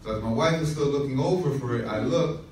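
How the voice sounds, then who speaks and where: A man's voice: medium pitch, fast, darkish tone, slight background noise. A man pastor telling a humorous story in a sermon, with asides to the congregation. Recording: echoey room from far off.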